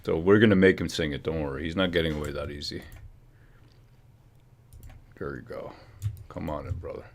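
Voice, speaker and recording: A man's voice: a bass voice, normal speed, background noise. A man hosting a casual livestream, joking and teasing, humming and muttering to himself while he works at his computer. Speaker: livestream host.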